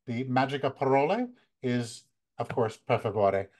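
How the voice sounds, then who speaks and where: An American man in his fifties, a photography workshop leader, giving relaxed, conversational travel tips with many fillers. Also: medium pitch, normal speed. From United States. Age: 50s. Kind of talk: casual talk, practical travel tips.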